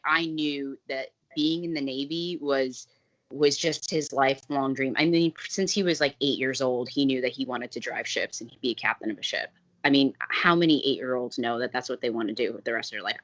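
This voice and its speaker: Podcast guest: woman, thirties, low voice, candid and chatty, dull lo-fi recording. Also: fairly bright tone. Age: 30s. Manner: candid, chatty, laughs often, many fillers. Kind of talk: casual storytelling chat.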